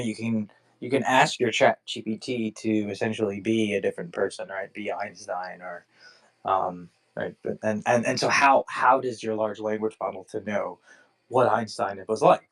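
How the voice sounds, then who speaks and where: A man with a lowish voice talks through his points in a relaxed, meandering way. He stacks up hypothetical examples, restarts his sentences, and fills the gaps with ums and you-knows. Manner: rambling, many restarts and fillers. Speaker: podcast host. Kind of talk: casual discussion.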